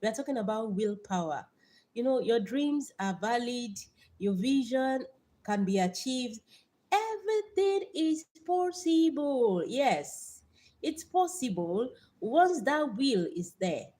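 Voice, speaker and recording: A young Nigerian woman with a Nigerian accent, hosting a live stream motivational talk with Bible verses, lively and repeating words as she greets viewers by name. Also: fairly high pitch, takes it slowly. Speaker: livestream host.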